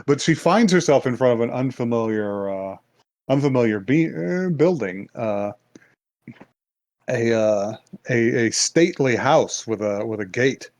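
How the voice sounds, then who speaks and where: A man chatting casually on a podcast, recapping a story in a loose, rambling way. He slips into brief put-on voices for the characters and laughs along the way. His voice sits at a middle pitch, recorded close and dry. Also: lively intonation, measured pace, a little mellow, dry recording. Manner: rambling retelling with put-on quotes, many fillers and laughs. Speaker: podcast co-host. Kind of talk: casual chat recapping an anime.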